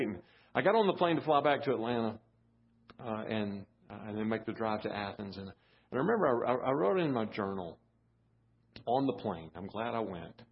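A middle-aged man preaching a storytelling sermon, halting and repeating words, building to fervent preaching. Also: medium pitch, breathy edge. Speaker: guest pastor. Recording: dull lo-fi sermon audio.

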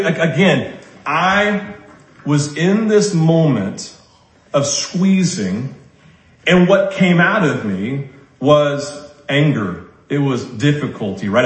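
A man preaching a sermon as pastor, repeating his key lines slowly for emphasis and often tagging "right?" onto his sentences. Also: on the high side. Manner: frequent tag question "right?". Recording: roomy echo.

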